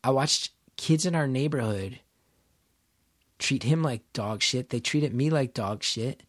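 Animated middle-aged man telling a candid story. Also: mid-range voice, measured pace, no echo, studio quality. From New Jersey. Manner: animated, acts out quotes, swears freely. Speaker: comedian guest.

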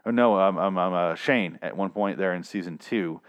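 A man's voice: low voice, normal speed, dull audio. Sarcastic, foul-mouthed man rambling. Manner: sarcastic, profane, rambling with restarts. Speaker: comic book recap vlogger. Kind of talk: casual rambling recap.

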